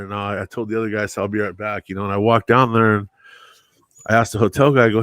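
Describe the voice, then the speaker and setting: A man's voice: on the low side, fairly quick, a bit bright, no echo. A man telling stories in a casual chat on a live stream, laid-back, often laughing and calling people bro and dude.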